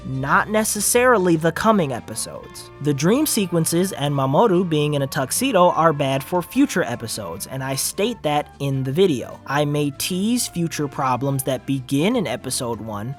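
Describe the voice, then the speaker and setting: A man's voice: fairly high pitch, a bit bright. Man ranting with sarcastic profanity. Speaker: channel host, reviewer. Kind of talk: ranting commentary video.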